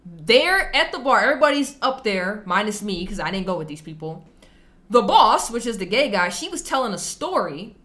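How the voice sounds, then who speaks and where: A woman hosting a reaction video, chatting casually and telling a story in an animated, slangy, emphatic way. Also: mid-range voice, normal speed.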